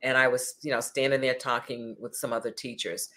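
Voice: medium pitch, steady tone, fairly quick, bright, forceful tone. An older host and career counselor, speaking in a reflective, conversational way on an interview show.

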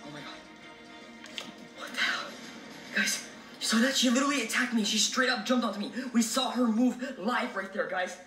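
A man's voice: very high-pitched, fairly quick, sharp tone. Guy doing a spooky vlog, keeps talking to the viewers, kinda far from the mic, echoey room with music going. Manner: jumpy, addresses viewers as guys. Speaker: video creator. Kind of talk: scripted haunted-doll vlog. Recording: roomy, distant, music underneath.

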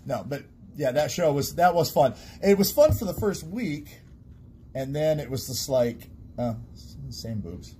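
A man's voice: a little high, measured pace, slight background noise. A man, a guest who works as a stage sound and lighting technician, telling stories in casual chat with lots of laughter and restarts. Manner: laughing storyteller, animated, trailing restarts.

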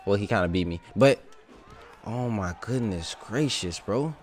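Young male gamer, casual play-by-play, lively pitch, loud bursts of trash talk. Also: a little slow. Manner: excitable trash talk, shouting and laughing at the game. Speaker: gaming YouTuber. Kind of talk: casual live gameplay commentary.

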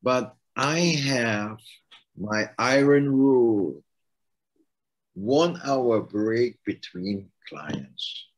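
Speaking extremely slowly in an expressive mid-range voice, a middle-aged man with a German accent co-hosts as a life coach. The recording is rough. His casual, conversational coaching talk emphasizes points through repetition.

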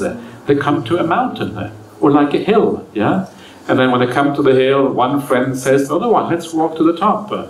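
A man's voice: mid-range voice, distant mic. A monk's voice, set back from the microphone in a roomy hall, telling stories in an easy, chatty way. He keeps checking in with "yeah?" and slips into the voices of his characters. Faint room noise sits under the talk. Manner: relaxed, chatty, frequent "yeah?" and "uh"; acts out the characters in stories with lively voice changes. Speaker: monk teaching a retreat. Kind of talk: Dharma talk.

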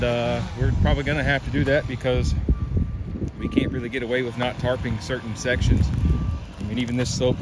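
A man casually vlogging as a roofing contractor, chatting easily while eating and working outdoors. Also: medium pitch. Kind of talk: casual vlog talk to camera. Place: outdoors by a car and on a roof, wind and traffic around. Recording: loud outdoor noise behind.

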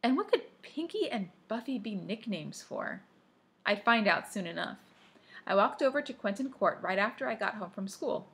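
Breathy woman reading a book aloud. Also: medium pitch, lively intonation, normal speed, fairly bright tone. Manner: adds offhand asides to the story. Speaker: audiobook reader. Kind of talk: first-person audiobook narration.

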